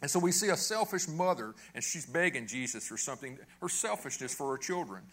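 A man's voice: on the high side, animated, brisk, fairly bright tone. A middle-aged pastor preaching a sermon in a conversational way, asking his listeners questions and checking in with "okay?".

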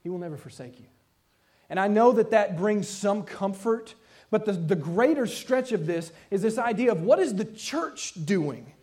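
A man with a fairly high voice preaching to his congregation. He tells a story in an animated way, acting out each person's voice as he goes, and his tone moves between gentle, hushed comfort and raised excitement. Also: moderate pace. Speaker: pastor. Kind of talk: sermon.

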